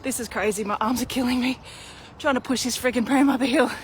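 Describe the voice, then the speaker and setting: A woman's voice: a little high, steady tone, fast, a little hiss or hum. A woman in her thirties, out of breath, chatting candidly in a live video while pushing a pram uphill outdoors. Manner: chatty, candid, self-deprecating. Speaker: vlogger. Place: outdoors on a hilly street.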